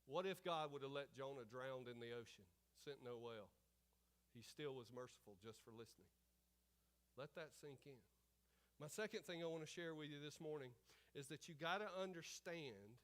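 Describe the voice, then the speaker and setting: High-voiced man preaching emphatically. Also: a bit bright. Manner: emphatic preaching, repeats key phrases and calls out to the congregation. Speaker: pastor. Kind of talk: sermon. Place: church service.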